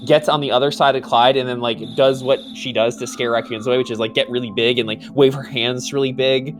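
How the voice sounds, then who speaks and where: A man's voice: mid-range voice, steady tone, a little fast. A man playing a tabletop game, talking hesitantly as he thinks his moves through aloud. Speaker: player. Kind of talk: casual tabletop game chat.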